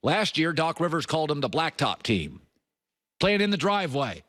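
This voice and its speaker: A middle-aged man hosting a sports talk show, delivering an opinionated monologue with emphatic swings between punchy high lines and low, confiding asides. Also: big pitch swings, normal speed, fairly bright tone, no echo, studio quality.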